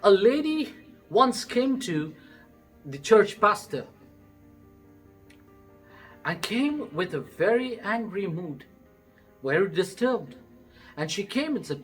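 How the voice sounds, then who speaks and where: A man with an Indian English accent, a preacher calmly telling a story in a morning devotion. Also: high voice, husky, faint music behind, poor audio. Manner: calm, measured storytelling with acted quotes.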